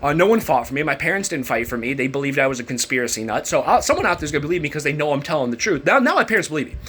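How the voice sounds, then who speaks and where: A man's voice: fairly high pitch, expressive, racing, a bit bright, breathy edge. A young man ranting bitterly to camera about a former job, profane and rambling. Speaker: former warehouse worker. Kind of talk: angry rant to camera.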